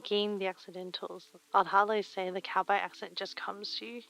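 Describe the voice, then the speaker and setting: A woman streamer chatting casually while she sews, reading chat aloud and muttering soft whispers to herself. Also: mid-range voice, flat delivery, moderate pace, vocal fry, few pauses, dry recording, rough recording. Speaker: live streamer.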